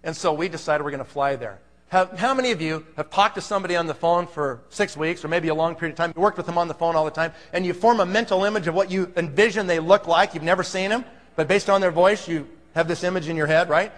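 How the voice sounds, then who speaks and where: A man's voice: fairly high pitch, fast, fairly bright tone, big-room sound. A man presenting at a business seminar, telling a story to a live audience in an emphatic, conversational way and often checking in with "okay?".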